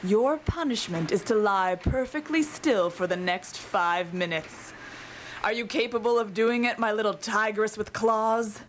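A woman voicing a brooding, seductive romance hero in a slow, hushed murmur. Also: mid-range voice, slight background noise, natural voice.

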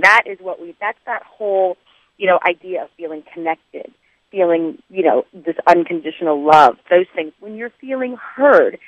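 A woman guest rambles in a chatty way over a phone from outdoors. She is an author and fills her speech with "you know" and "like". The line is dull and lo-fi, with a dry sound and no room echo. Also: medium pitch. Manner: chatty, rambling, many fillers. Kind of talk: casual phone interview.

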